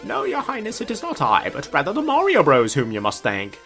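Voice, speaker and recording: A man's voice: fairly high pitch, huge pitch swings, a little fast, a bit bright, soft background music. A man voicing a formal old woman adviser to a queen in a raised, courtly voice. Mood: humble. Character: gracious, formal elderly woman royal adviser.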